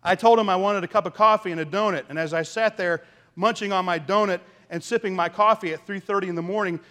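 A man's voice: high voice, a bit bright. A man preaching a sermon, telling a story earnestly with big swings in volume. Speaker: pastor.

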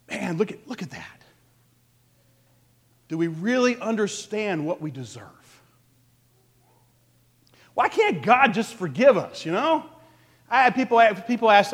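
A man pastor delivering an animated sermon, asking the congregation questions. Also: high-pitched, normal speed, long pauses. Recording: long reverb of a large hall.

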